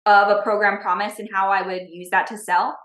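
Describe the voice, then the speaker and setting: A woman business coach and podcast host, teaching through personal stories in an energetic way and often checking in with "okay?" and "right?". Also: medium pitch, a little fast. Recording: roomy echo.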